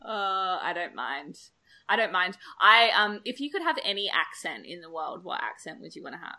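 A woman's voice: on the low side, sing-song, moderate pace, bright, forceful tone. A woman with a polished Sydney Eastern Suburbs Australian accent, co-hosting a podcast in casual, giggly chat. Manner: giggly, chatty, self-described refined speech. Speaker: podcast co-host.

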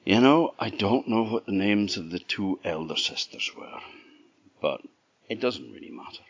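A man's voice: fairly low pitch, big pitch swings, normal speed, creaky, dull audio. A man from Orkney with a Scottish accent telling a folk tale in a chatty way, with asides to the listener. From Orkney, Scotland. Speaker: storyteller.

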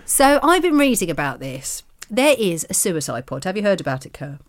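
A woman co-hosting a podcast, teasing her partner with quick interjections. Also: fairly low pitch, sing-song. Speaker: podcast co-host. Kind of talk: casual podcast chat.

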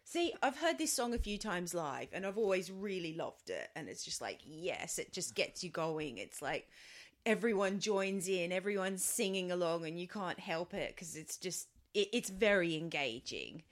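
A woman co-hosting a casual chat about music, animated and quick to laugh. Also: on the low side. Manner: animated, laughs often, reacts with short remarks. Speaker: podcast co-host.

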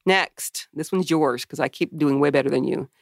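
A woman's voice: deep voice, normal speed, vocal fry, no echo, studio quality. A woman co-hosting a podcast in casual, joking chat, swearing freely and laughing often. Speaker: podcast co-host.

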